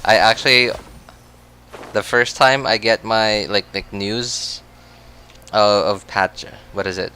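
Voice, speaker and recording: A man's voice: fairly low pitch, steady tone, slow, long pauses, sharp tone, slight background noise. A man chatting casually on a game livestream, rambling with many restarts and frequent laughs. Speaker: game streamer.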